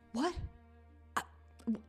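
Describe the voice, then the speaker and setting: A woman hosting a livestream, reacting to clips with emphatic, exasperated commentary. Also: fairly bright tone. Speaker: livestream host.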